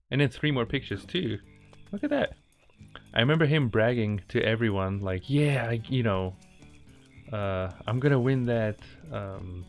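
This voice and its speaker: Lowish guy rambling a story while he plays, little laughs, game music faint behind. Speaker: gaming channel host. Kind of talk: casual gameplay commentary with storytelling.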